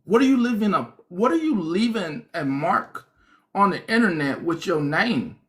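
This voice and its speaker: Lively laughing man preaching kindness. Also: high-pitched, moderate pace. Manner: animated, laughing, mimics others in whispers. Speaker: online pastor. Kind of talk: casual preaching livestream.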